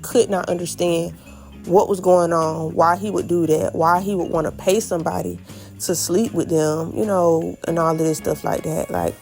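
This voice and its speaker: A young woman tells a storytime vlog in a casual, animated way, talking straight to her viewers and acting out what people said. Her voice sits fairly low with a gravelly fry, and soft music plays underneath. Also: normal speed. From Florida. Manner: animated, addresses viewers as y'all, acts out quotes. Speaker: vlogger.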